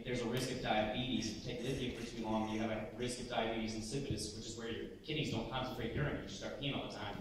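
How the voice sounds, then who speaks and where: A man sharing personal stories on a lecture panel, candid and joking, talking quickly at times. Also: medium pitch, a little hiss or hum. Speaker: student panelist. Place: large lecture hall. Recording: echoey hall, mic from far off.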